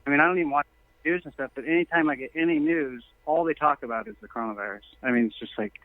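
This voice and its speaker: A man's voice: a little high, racing, no room sound. A man calling into a talk show, telling long stories earnestly and at length. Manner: earnest, long-winded storytelling. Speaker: caller. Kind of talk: phone-in conversation. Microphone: telephone. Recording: tinny phone line.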